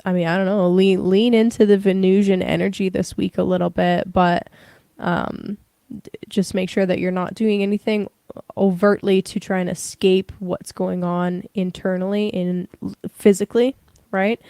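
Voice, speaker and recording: A woman's voice: mid-range voice, little pitch movement, moderate pace, creaky, dark tone, no echo. A young woman giving a casual livestream tarot reading, rambling with many fillers. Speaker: tarot reader.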